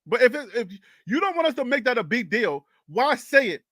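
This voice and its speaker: A man's voice: extremely high pitch, big pitch swings, a little fast, a bit bright, no echo, clean studio sound. A young man from Liberia hosting a casual sports talk show, arguing his point animatedly and laughing often.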